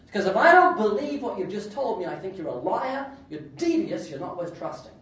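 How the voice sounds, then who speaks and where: A man preaching a sermon with lots of jokes and his own laughter, breaking into sudden loud outbursts. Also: high-pitched, very animated, brisk. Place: church hall. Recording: echoey hall, distant mic, faint noise.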